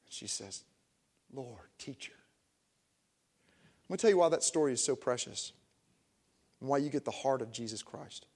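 A man preaching a sermon, telling a story with a voice that swings from hushed to emphatic. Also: mid-range voice, lively intonation, brisk. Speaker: pastor. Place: church sanctuary.

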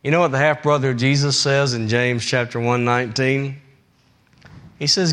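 A man preaching a sermon as pastor, emphatic and repetitive, swinging between raised high emphasis and low, quiet phrases. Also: fairly even intonation, moderate pace.

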